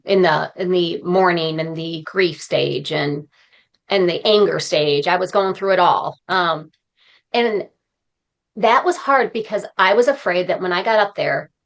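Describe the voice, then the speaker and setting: A woman speaking as a podcast guest, talking in an earnest, heartfelt and encouraging way. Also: lowish voice. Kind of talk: conversational interview.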